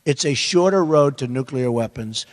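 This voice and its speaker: A man's voice: medium pitch, animated, moderate pace. An older man in his seventies, a presidential candidate speaking off the cuff at a roundtable, emphatic and repeating short phrases. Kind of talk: unscripted roundtable remarks to an audience. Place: large indoor theater. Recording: long hall reverb, faint crowd.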